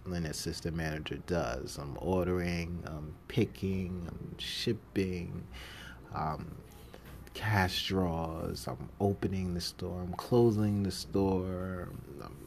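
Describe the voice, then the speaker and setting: A man with a low, deep voice hosts a podcast in a loose, casual monologue about his old jobs. He acts out the people he quotes in lively voices and laughs often. Faint noise hangs behind him. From New York City. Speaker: podcast host.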